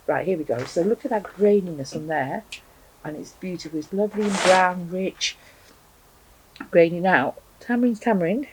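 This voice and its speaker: A woman's voice: lowish voice, normal speed, a little hiss or hum, poor audio. A woman reviewing hot sauces to camera at home, chatting casually and thinking aloud with frequent ums. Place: home, indoors with a cat.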